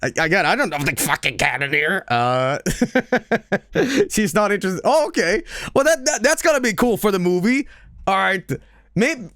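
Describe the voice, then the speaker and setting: Animated, stammering male streamer. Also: sits high, normal speed, no room sound, clean studio sound. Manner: rambling, stammering, swearing, laughing a lot. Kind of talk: casual stream chat.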